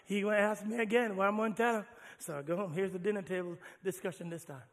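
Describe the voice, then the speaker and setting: A man pastor preaching a sermon with animated, playful storytelling in a church. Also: sits high, fast, long reverb tail.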